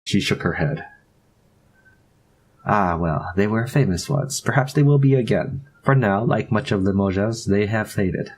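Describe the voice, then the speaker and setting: A kindly young French maid in a storybook game, as a man puts her on in a gentle, put-on French accent. The voice sits low and a little husky. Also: moderate pace.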